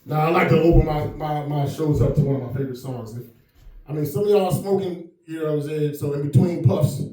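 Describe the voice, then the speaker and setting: A chatty stand-up comedian keeps checking in with the crowd and laughing as he talks, his voice mellow and a bit raised. He was recorded in a big echoey room in a private house, with the mic far away. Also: on the high side, brisk. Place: private mansion home.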